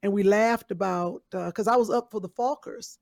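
A woman actress chatting as a podcast guest, talking with quick restarts and laughs. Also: medium pitch, vocal fry, a little mellow. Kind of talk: casual chat.

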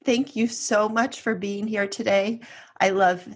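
A woman co-hosts a podcast, asking thoughtful questions at an unhurried pace. Her voice has a soft, breathy edge. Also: medium pitch, fairly even intonation. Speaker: podcast co-host. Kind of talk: casual interview hosting.

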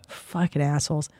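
A woman hosting a comedy podcast, telling rambling, profane anecdotes in a casual, animated way. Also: low voice.

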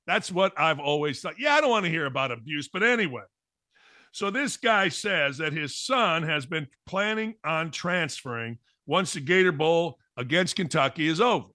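A man's voice: fairly high pitch, animated, moderate pace, sharp tone, dry recording, studio quality. A middle-aged man and former coach hosting a sports talk show, brash, blunt and sarcastic in his opinions.

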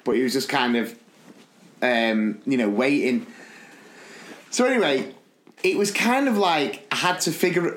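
A man, one of the podcast's hosts, telling a school story in a lively, animated way and acting out the people in it. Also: mid-range voice, roomy sound. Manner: animated, acts out the people in his stories. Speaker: podcast co-host. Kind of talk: casual storytelling chat.

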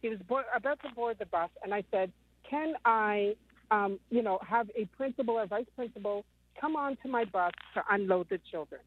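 She's a caller in her fifties with a mid-range voice and a brisk delivery. Over a tinny phone line, she wanders through her story, filling it with ums.

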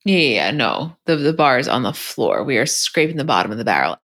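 A woman's voice: extremely low pitch, sing-song, brisk, a bit bright. A woman co-hosting a podcast, bluntly retelling a reality show episode in casual chat. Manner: retells scenes quoting the cast, blunt. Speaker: podcast co-host.

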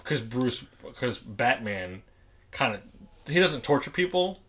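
A young man chats in a laid-back, sarcastic tone, his pitch rising and falling a lot. His voice sits at a middle pitch. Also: very animated, takes it slowly, a bit bright. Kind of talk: casual chat.

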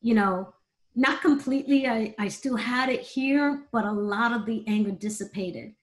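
Middle-aged woman, candid interview guest, emotional and quick to laugh. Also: fairly high pitch. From United States.

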